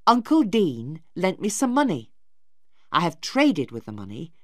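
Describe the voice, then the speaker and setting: A woman voicing a stern young man who speaks harshly and forcefully in a storybook reading. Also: lowish voice, wildly swooping pitch, a little slow, dry recording, clean studio sound, voice pushed up, heavily acted. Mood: proud. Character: stern, angry young man, Maggie's brother.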